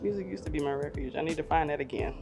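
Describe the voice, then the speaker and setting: A woman's voice: low-pitched, very fast, music in the background. Laughing, self-mocking woman vlogger. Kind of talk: casual chat reviewing old photos.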